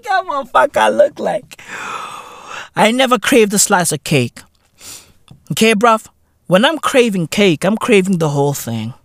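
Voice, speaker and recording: A South African man hosting a podcast, delivering a profane, swaggering comedic rant that bursts into loud outcries. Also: high voice, sing-song, a little slow, no echo, clean studio sound. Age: adult. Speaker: podcast host.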